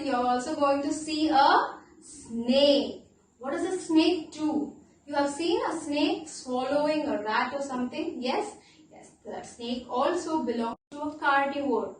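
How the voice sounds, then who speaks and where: A woman teaching a class of young children, with an Indian English accent, animated and playful, asking questions and spelling words out slowly. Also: sits high, heavy reverb, distant mic, a little hiss or hum, poor audio. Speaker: primary school teacher.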